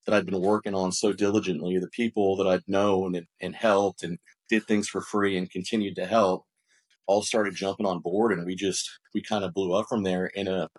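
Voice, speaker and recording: A man guesting on a podcast, telling his business story in a conversational way. He talks animatedly, often acts out what people said, and restarts and repeats words as he goes. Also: low-pitched. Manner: animated, acts out quoted dialogue.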